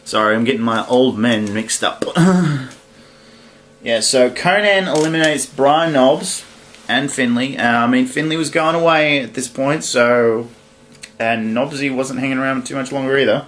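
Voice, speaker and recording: A man's voice: medium pitch, measured pace, a bit bright. A young man giving casual solo commentary on a wrestling card, rambling and correcting himself as he goes. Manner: rambling, self-correcting, laughs at own slips. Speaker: wrestling fantasy booking host.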